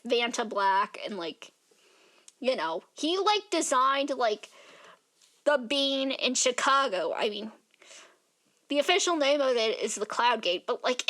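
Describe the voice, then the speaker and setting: A woman's voice: on the high side, a bit bright. A tired young woman chatting casually in a vlog, rambling and filling her talk with "like" as she yawns. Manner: rambling, filler-heavy, says "like" constantly. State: tired, yawning. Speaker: art vlogger.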